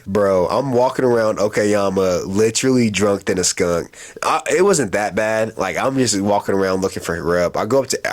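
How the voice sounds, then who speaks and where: A young man casually telling a personal story on his vlog, slangy and animated, laughing as he goes. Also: mid-range voice. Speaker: vlogger.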